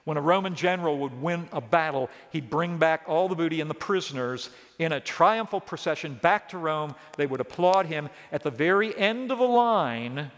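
A man preaching an expository sermon, switching between quiet stress and rising, emphatic exclamations. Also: on the high side. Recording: long reverb of a large hall.

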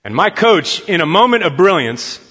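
A man's voice: high-pitched, sing-song, normal speed, bright, forceful tone, slightly rough. A male pastor preaching a Sunday sermon in a church, telling a story and acting out its dialogue. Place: church sanctuary. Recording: dull lo-fi sound with long hall reverb.

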